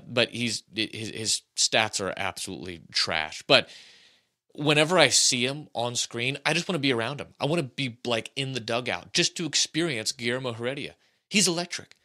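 A man in his thirties hosting a casual sports podcast, talking in an animated, rambling, jokey way. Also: medium pitch. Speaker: podcast host.

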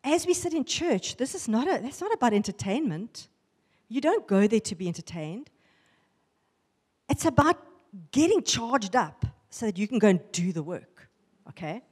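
A woman giving a lively testimony sermon to a women's church gathering, acting out the voices in her stories. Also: fairly high pitch, normal speed, husky, in a large hall. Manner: animated storytelling, acting out voices. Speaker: women's ministry speaker. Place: church hall.

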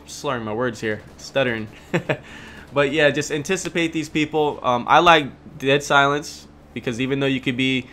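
Bright-voiced young man commentating gameplay. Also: medium pitch, moderate pace, slight background noise. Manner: relaxed, chatty, frequent ums, self-correcting.

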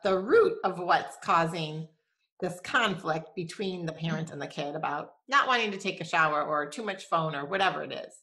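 A woman's voice: low-pitched, moderate pace, pushed and bright, poor audio. A woman hosting a casual podcast interview, summing up and affirming what her guest says. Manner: sums up the guest's points and affirms them. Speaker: podcast host.

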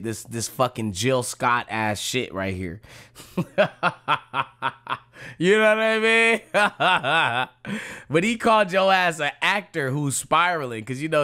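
Bright-voiced man, profane and animated. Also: medium pitch, smooth. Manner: profane, animated, mocking, laughs often. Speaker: rapper reacting to diss tracks. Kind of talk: casual reaction commentary.

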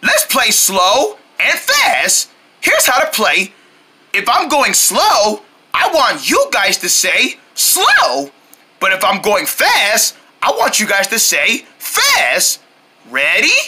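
A woman voicing a cheerful, excitable young boy who talks straight to child viewers in a sing-song way. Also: fairly high pitch, slow pace, slight background noise, exaggerated voice. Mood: playful. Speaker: children's show character. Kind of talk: children's cartoon voice acting.

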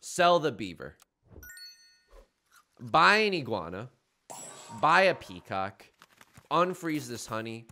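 A man giving casual, jokey commentary while playing a game, with sudden loud outbursts. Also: fairly high pitch. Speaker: gaming YouTuber.

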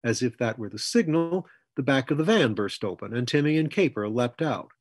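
A man narrating his story in a steady, even audiobook reading. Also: mid-range voice, moderate pace, no room sound.

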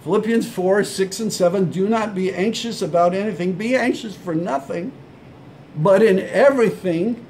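A man's voice: high voice, moderate pace, darkish tone, slight background noise. A man preaching a sermon as pastor, earnest and emphatic, repeating his phrases and calling his listeners friends. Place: church.

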